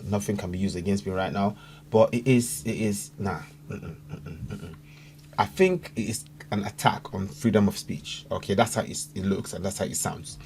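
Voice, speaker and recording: A man's voice: on the low side, darkish tone, a little hiss or hum. A man from Africa hosting a casual reaction video, talking in an earnest, chatty way that repeats itself with fillers. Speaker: YouTube reaction host.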